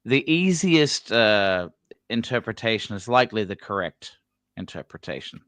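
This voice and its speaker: A man's voice: lowish voice, big pitch swings, normal speed, a bit bright, no room sound. A man co-hosting a casual live-stream football chat, easygoing, chuckling often, trailing off and correcting himself mid-sentence. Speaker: fan channel co-host.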